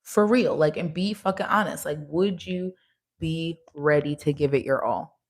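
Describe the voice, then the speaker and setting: A woman's voice: deep voice, normal speed. A young woman giving a casual tarot reading, talking frankly with slang, swearing and frequent laughs. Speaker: tarot reader.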